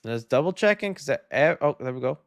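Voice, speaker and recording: A man hosting a casual livestream, chatting in a relaxed, friendly way while answering viewer donations. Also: medium pitch, fast talker, dry recording. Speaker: livestream host.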